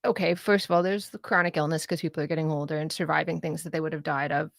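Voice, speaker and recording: A woman's voice: low voice, fairly even intonation, fast talker, gravelly, no room sound, studio quality. A woman from Canada, chatting animatedly in a casual political discussion, laughing often and mimicking the people she talks about. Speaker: political commentator.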